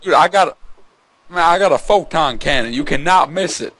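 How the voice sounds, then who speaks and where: A man making a prank phone call, bragging absurdly and mock-threatening in a deliberately ridiculous way. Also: a little high, expressive, fairly bright tone, no echo. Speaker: prank caller.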